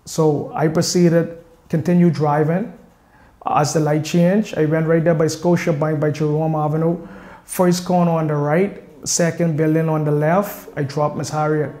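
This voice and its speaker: A young man tells his own story step by step, pausing for fillers and giving detailed street directions. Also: on the high side, level tone, warm tone. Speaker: interviewee. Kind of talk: personal storytelling. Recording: echoey room with faint music behind.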